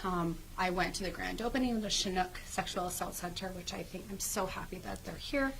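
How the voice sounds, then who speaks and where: A woman's voice: on the low side, brisk, vocal fry, a bit bright, slight background noise, poor audio. A woman guest in an interview, telling her own story earnestly, with many restarts and fillers.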